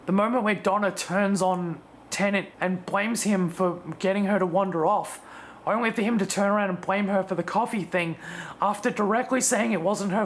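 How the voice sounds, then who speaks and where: Reviewer voice, middle pitch, scripted scene-by-scene breakdown, a few hesitant restarts. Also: slight background noise. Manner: analytical, breaks down scenes one by one. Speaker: video reviewer. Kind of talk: scripted episode analysis.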